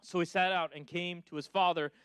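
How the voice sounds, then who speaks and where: Man preaching with a high, dry voice. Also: steady tone, a little fast, clear, resonant tone, no room sound. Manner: swings between loud urgent calls and quiet low-voiced pleading; casual preacher's asides. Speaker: pastor. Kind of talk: sermon.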